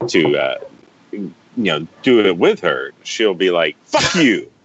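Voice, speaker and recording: A man's voice: sits low, animated, a little slow. A man from Texas hosting a casual online chat, easygoing, with dry jokes. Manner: easygoing, joking. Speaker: host. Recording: muffled stream audio with faint noise.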